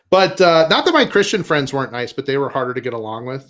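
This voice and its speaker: Male stand-up comic from Minnesota, rambling and self-deprecating, animated voice. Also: mid-range voice, a little fast. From Minnesota, USA. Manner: rambling, self-deprecating, laughs at own jokes. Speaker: stand-up comedian. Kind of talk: stand-up comedy set. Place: live comedy show stage.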